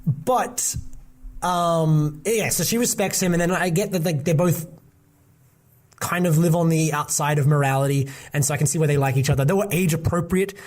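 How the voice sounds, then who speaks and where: A man's voice: on the high side, normal speed, a little mellow. A young man with a slightly raised voice talks through his opinions in loose, casual podcast chat. He rambles, restarts his sentences and fills the gaps with "um" and "like". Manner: rambling, many fillers and restarts. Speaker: podcast co-host.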